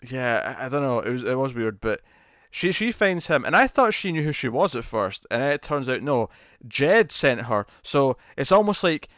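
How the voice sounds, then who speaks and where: Animated man reviewing a show. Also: medium pitch, dry recording, clean studio sound. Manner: animated, quick restarts and repeated words. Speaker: podcast co-host. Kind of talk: casual review chat.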